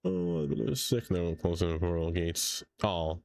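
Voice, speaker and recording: A man's voice: sits low, big pitch swings, measured pace, creaky, darkish tone, dry recording. A man streaming a city-building game, rambling casually to his viewers and getting sidetracked by chat. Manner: rambling, chatty, easily sidetracked.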